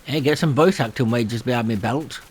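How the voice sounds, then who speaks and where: A man's voice: mid-range voice, moderate pace, slight background noise. A man hosting a gameplay video, rambling and self-deprecating and laughing often. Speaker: gaming channel host. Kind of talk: casual gameplay commentary.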